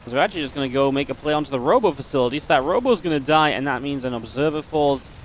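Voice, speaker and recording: Man, esports caster, play-by-play commentary, analytical and chatty, mid-pitched voice. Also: animated, very fast, a little hiss or hum. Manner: analytical, chatty, laughs easily.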